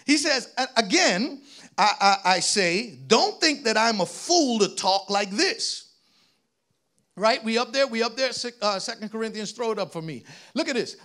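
High, bright-voiced preacher, animated sermon. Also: male voice, normal speed. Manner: reads scripture aloud, asks congregation to read on, rising to shouts.

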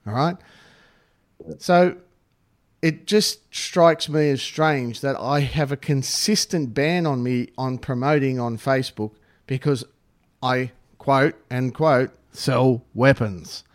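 A man's voice: medium pitch, takes it slowly. Male podcast guest, mid-range voice, wry and exasperated. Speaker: podcast guest, knife supplier. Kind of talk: casual chat.

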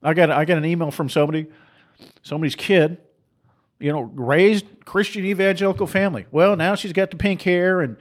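His voice sits somewhat high and his pace is brisk as the middle-aged man preaches forcefully through an impassioned monologue. Laughing digressions and derisive imitations punctuate his delivery.

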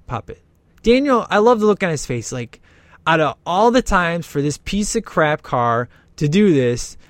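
A man's voice: a little high, dry recording. Chatty man joking through a movie. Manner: enthusiastic, jokey, chatty. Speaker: movie commentator. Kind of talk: casual movie commentary.

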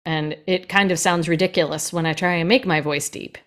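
A woman who narrates audiobooks, chatting in a podcast about her craft, quick and lively in her delivery. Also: fairly low pitch. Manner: fast, lively and animated. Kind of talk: casual podcast conversation.

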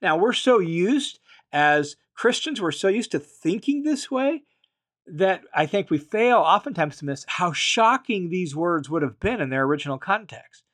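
Speaking in a sing-song, unhurried way with a somewhat bright tone, a man whose pitch runs a little high teaches the Bible verse by verse. He lays out each point patiently and rephrases it more plainly. Key phrases get strong, emphatic weight.

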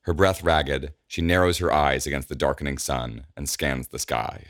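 Man with a super deep voice reading a story, measured and steady, dry close sound. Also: no room sound. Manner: measured, descriptive. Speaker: narrator. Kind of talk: scripted narration.

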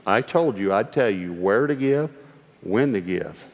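A male pastor, telling a story from the pulpit with lively acted-out dialogue and sudden hushed asides. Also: lowish voice, measured pace, lo-fi sound, a little hiss or hum. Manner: animated storyteller acting out dialogue; drops to a hush for quoted lines. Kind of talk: storytelling sermon. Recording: long hall reverb.

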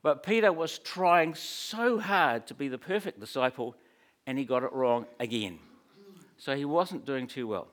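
A man's voice: mid-range voice, expressive, a little slow, fairly bright tone. A man preaching a sermon in a conversational, storytelling way, with humorous asides.

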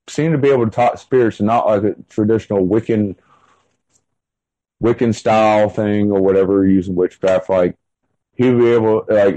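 A man's voice: on the low side, dark tone, no room sound, low-quality recording. A man in his thirties telling his own story in an interview, rambling and full of fillers. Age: 30s. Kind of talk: casual first-person storytelling.

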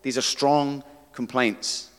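A man's voice: medium pitch, steady tone, slow pace, a bit bright, clean tone. A man preaching a conversational sermon, earnest, who reads scripture aloud. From Britain. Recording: reverberant hall.

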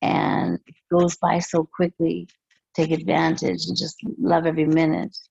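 A woman speaking as a podcast guest, slow and reflective, with hesitant pauses. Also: low-pitched, completely flat delivery, creaky, a little mellow, breathy edge, dry recording. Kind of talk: casual interview chat. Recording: dull muffled lo-fi sound.

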